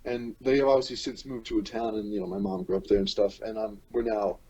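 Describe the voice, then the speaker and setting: A man from Newfoundland and Labrador hosting a podcast, talking in a rambling, halting way with many restarts. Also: lowish voice, warm tone, breathy edge, dull audio. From Newfoundland and Labrador, Canada. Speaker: podcast host. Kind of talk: casual chat.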